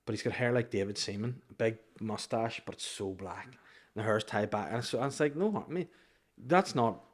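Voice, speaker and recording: A man's voice: on the low side, brisk. A young adult man, an actor, chatting casually on a podcast with a joking, rambling manner and frequent restarts. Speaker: actor guest.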